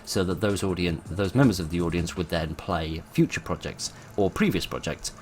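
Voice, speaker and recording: A man's voice: low voice, lively intonation, moderate pace, slight background noise. A man hosting his channel, talking informally and thoughtfully, with many fillers and restarts. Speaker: channel host.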